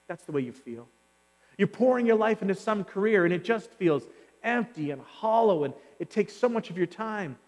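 A man preaching a sermon to a congregation in a church, chatty and conversational, firing rhetorical questions at his listeners. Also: high voice. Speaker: pastor. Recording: long reverb of a large hall.

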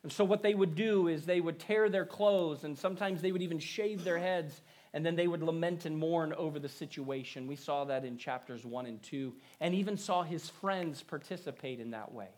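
A male pastor preaching a sermon on Scripture, earnest and rising to emphasis, then dropping to quiet prayerful lines. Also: a little high, moderate pace.

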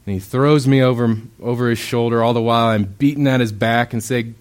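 A man's voice: mid-range voice, fairly even intonation, fairly quick, few pauses, clear, resonant tone. A young man giving a sermon in a casual, conversational way, full of "um"s and acted-out quotes. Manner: casual, conversational preaching with many fillers; acts out quoted voices with bursts of loudness. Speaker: preacher.

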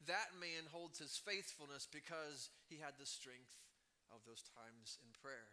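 A middle-aged man preaching from the pulpit with a very bright, ringing voice pitched a little high. He speaks earnestly, building to emphatic rises and then dropping his voice low to make a point. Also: unhurried. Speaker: pastor. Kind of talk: sermon.

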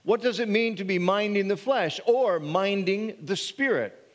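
A male pastor preaching in a church sanctuary with a high voice for a man, animated and full of quick restarts. His words carry a long reverb through the room. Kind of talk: sermon.

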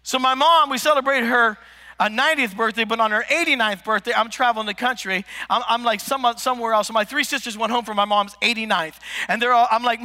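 A man's voice: extremely high pitch, fast talker. A middle-aged man preaching a sermon, telling stories with jokes and talking straight to the congregation in a church. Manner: animated, joking, talks to the congregation. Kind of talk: humorous storytelling sermon. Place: Pentecostal church sanctuary. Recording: church hall with long reverb.

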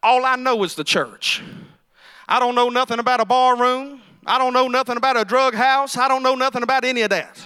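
High-voiced shouting preacher man. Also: clean tone, no echo. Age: middle-aged. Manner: preaching with rising shouts and drawn-out emphasis. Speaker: pastor. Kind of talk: sermon.

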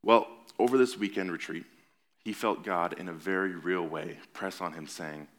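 Pastor, male, very low voice, earnest conversational sermon delivery in a church. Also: moderate pace, fairly bright tone. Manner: earnest, conversational preaching with rising emphasis. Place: church sanctuary.

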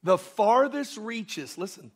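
A man's voice: high-pitched, animated, takes it slowly, slightly rough. A middle-aged man preaching a sermon as pastor, telling a story with emphatic bursts.

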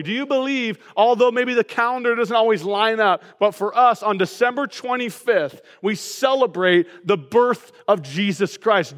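A man preaching a lively sermon with a fairly high voice that carries through a big hall with a long echo. He tells family stories and bursts into excited shouts now and then. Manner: animated storytelling, sudden excited shouts. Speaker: pastor. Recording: long reverb of a large hall.

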